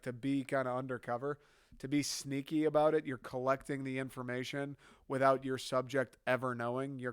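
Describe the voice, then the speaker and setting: A man's voice: on the high side, dry recording, clean studio sound. A man from the United States giving a sarcastic, swearing comedy rant. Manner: sarcastic, ranting, swearing freely. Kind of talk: stand-up style rant.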